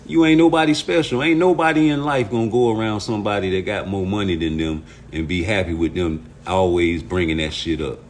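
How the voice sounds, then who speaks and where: A man's voice: sits low, fairly quick, few pauses, a little hiss or hum. A man hosting a livestream, ranting at his chat about boxing in a profane, heated way, arguing with viewers. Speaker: boxing commentary streamer.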